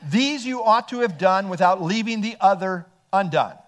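Lively high-voiced male preacher. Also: normal speed. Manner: earnest expository preaching, reads scripture aloud. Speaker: pastor. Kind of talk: sermon.

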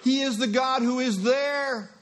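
A middle-aged male pastor preaching an expository sermon, emphatic, with rhetorical questions and quick asides. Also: very high-pitched.

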